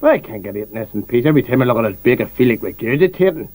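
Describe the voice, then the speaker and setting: A man's voice: medium pitch, big pitch swings, quick pace, darkish tone, dry recording. A man doing a crude, sing-song Northern Irish guest. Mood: rowdy. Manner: crude jibes, bouncy sing-song delivery. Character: crude, cheeky male politician dinner guest. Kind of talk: comic sketch impression.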